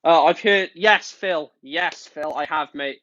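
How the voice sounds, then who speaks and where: A man's voice: fairly high pitch, a little slow, bright, forceful tone, no room sound. Angry man ranting, dull audio. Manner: angry, exasperated, swears often. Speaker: football streamer. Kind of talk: live-stream rant.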